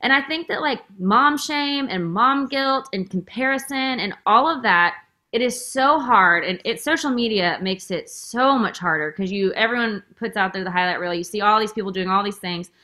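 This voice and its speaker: A woman hosts a podcast and chats openly and effusively in an emotional way. Her talk is full of "like," and her tone is bright and forward. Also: mid-range voice, normal speed. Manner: emotional, effusive, says "like" constantly. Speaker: podcast host. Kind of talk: casual interview chat.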